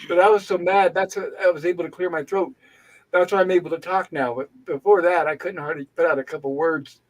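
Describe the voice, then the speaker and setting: A man hosting a livestream, telling a story in a casual, animated and indignant way. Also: fairly high pitch, fairly quick, poor audio. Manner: animated, indignant venting with acted-out dialogue. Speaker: livestream host. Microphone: home livestream setup.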